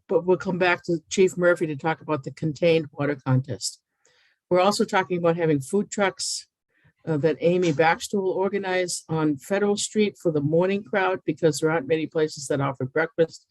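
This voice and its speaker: A woman presenting a plan at a public town meeting, working from her notes with frequent hesitant pauses. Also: low-pitched, a little mellow, dry recording, rough recording.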